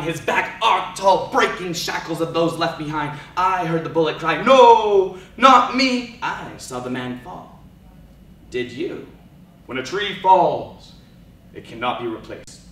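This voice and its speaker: A man giving a dramatic oral interpretation of poetry, slow and theatrical, dropping to hushed lines and rising to loud cries. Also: a little high, slight background noise. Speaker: speech and debate competitor. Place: large event hall. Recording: echoey hall recorded from far off.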